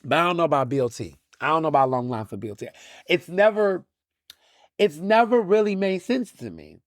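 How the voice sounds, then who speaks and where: A man's voice: a little high, a little fast, no room sound. A man, hosting a podcast with opinionated, sardonic solo commentary, often restarting and repeating words. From Texas. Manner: animated, sardonic, mocking asides. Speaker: podcast host.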